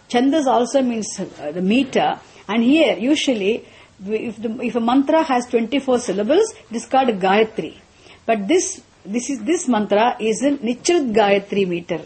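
A woman teaching a class on Sanskrit mantras. She explains patiently, often repeats and restarts her phrases, and chants some lines slowly. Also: fairly high pitch, darkish tone.

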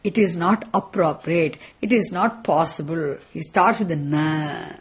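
A woman lecturing on scripture, reading Sanskrit verses slowly and explaining them in English. She speaks in an unhurried, deliberate way. Her voice is slightly husky, and she keeps checking with her students whether they follow. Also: low voice. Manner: explains by repeating phrases, asks the class "isn't it?"; reads Sanskrit verses slowly, chanting each word. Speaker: Vedanta teacher.

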